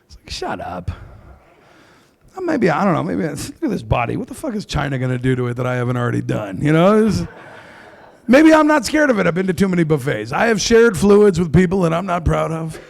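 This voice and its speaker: A brash stand-up comic holding forth on a club stage, crude and mock-outraged. His voice sits a bit high with plenty of gravel and rides up and down a lot. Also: very animated, fast talker. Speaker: stand-up comedian. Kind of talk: stand-up comedy.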